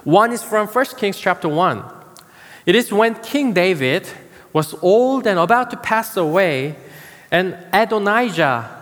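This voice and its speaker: A man preaching a sermon as pastor, slow and emphatic, pausing to stress key words. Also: high voice, animated, fairly bright tone, in a large hall.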